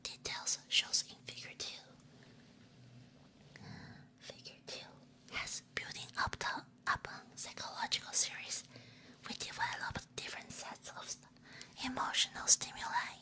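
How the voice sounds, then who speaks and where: A woman's voice: measured pace, long pauses, pushed and bright. A young woman VTuber in a playful, giggly whispered role-play on a binaural mic, reading prompts aloud and slipping in Chinese and Japanese phrases. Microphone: binaural 3Dio microphone.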